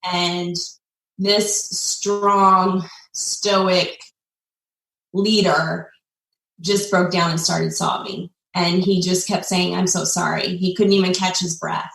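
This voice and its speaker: A woman in her forties from the United States, telling a personal story as a guest in an earnest, heartfelt way, pausing often with fillers. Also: fairly low pitch, little pitch movement, gravelly, fairly bright tone. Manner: heartfelt, with frequent pauses and fillers. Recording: echoey room, distant mic.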